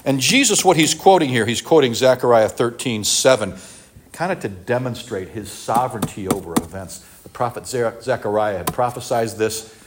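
A man delivers a sermon in a lowish voice. He talks in a casual, conversational way and acts out the quotes with animation. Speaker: pastor.

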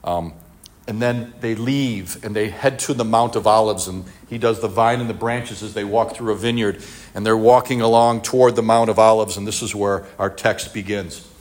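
A man preaching a sermon and leading a prayer, retelling scripture in a conversational, animated way with acted-out quotes. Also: fairly low pitch, normal speed. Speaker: pastor.

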